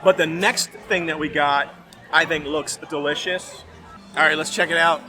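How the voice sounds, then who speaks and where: A man's voice: fairly high pitch, fairly even intonation, moderate pace. Rambling man tasting food outdoors. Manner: rambling, hesitant, many fillers. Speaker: vlogger. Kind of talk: casual food-tasting chat. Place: outdoor festival.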